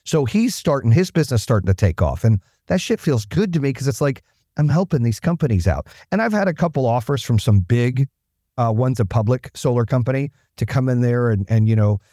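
A man's voice: mid-range voice, expressive, warm tone, dry recording, clean studio sound. A man speaking as a podcast guest, telling blunt, profane stories in casual talk. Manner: blunt, profane, fast-talking. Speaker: guest, business owner. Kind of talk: casual storytelling.

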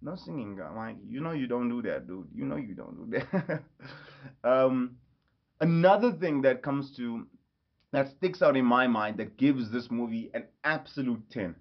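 Excited guy rambling about a movie, medium voice, kinda muffled audio. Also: medium pitch, a little slow. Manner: enthusiastic, rambling, self-correcting. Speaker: movie reviewer. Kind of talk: casual vlog review. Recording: slightly dull lo-fi audio.

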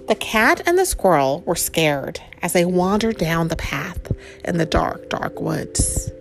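Animated woman reading a storybook aloud. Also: on the low side, takes it slowly, creaky, soft background music. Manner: lively, chatty asides to the child. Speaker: parent reading to a child. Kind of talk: reading a picture book aloud.

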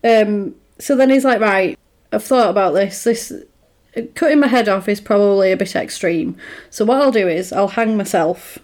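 A woman in casual conversation, telling a film's story with lively swings in her voice as she acts out each character's lines. Her pitch sits in a middling range. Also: normal speed. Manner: animated storytelling, acting out quoted lines. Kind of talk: casual chat retelling a film plot.

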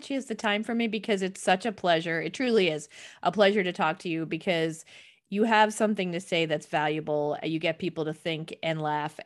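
A woman hosting a podcast, gushing and laughing often as she wraps up the chat. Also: low-pitched. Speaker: podcast host. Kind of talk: casual chat.

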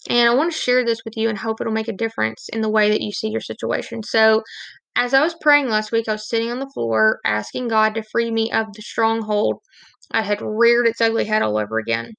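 A woman speaks in a fairly high voice with a gravelly edge, dry and close to the mic. She shares her own testimony as a Christian speaker, candid and confessional. Now and then she pokes fun at herself. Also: little pitch movement, fairly quick, fairly bright tone, no room sound. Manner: self-deprecating humor. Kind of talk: devotional testimony talk.

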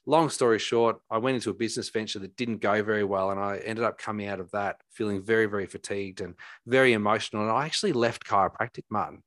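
A chiropractor tells his story in a low voice, rambling and animated, often restarting his sentences. The sound is dry and close, with almost no room around it. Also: fast talker, few pauses, dry recording. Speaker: chiropractor guest. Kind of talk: conversational storytelling.

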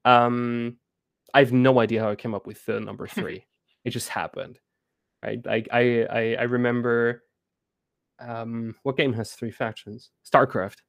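Gravelly man, halting and restarting. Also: mid-range voice, no room sound, clean studio sound. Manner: halting, many restarts and fillers, laughs often. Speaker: game co-founder guest. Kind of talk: casual interview chat.

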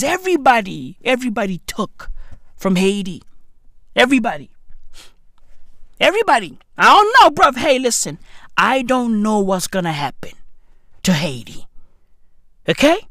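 A vlogger with delivering a comedic rant, heavy on swearing and calling out 'bruv', often bursting into shouts. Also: mid-range voice, dry recording, studio quality. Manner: profane, animated, keeps calling out 'bruv'.

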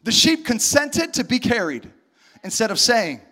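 High-voiced animated male preacher. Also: unhurried. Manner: animated preaching, acts out little dialogues, rises to shouts. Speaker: pastor. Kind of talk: sermon.

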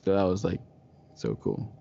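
A man's voice: low voice, very animated, normal speed, creaky, dark tone. A man co-hosting a casual podcast, telling stories with lots of giggles and "like" fillers. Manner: giggly, filler-heavy storytelling. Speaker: podcast co-host. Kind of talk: casual chat. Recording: dull lo-fi podcast audio.

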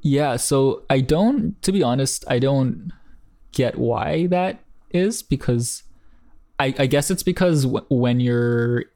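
A man's voice: mid-range voice, expressive, takes it slowly, a little mellow. A man hosting a casual book podcast, reading passages aloud and then talking them over in a thoughtful, hesitant way with many fillers.

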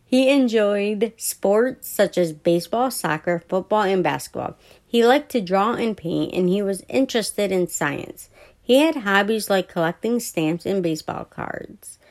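A woman podcast host reads a children's story aloud in a soft, unhurried way. She trips over words now and then and simply corrects herself, her voice sitting in an ordinary middle range. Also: mid-range voice, animated. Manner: soft, stumbling, self-correcting reading.

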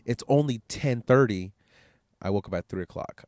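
A man with a low voice and a nose still blocked up from a cold talks straight into the mic, with little room sound around him. He hosts his podcast alone and rambles in a loose, profane, candid way. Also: moderate pace, a little mellow, no room sound, studio quality. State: congested, nasal from a cold. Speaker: podcast host. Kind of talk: casual solo podcast monologue.

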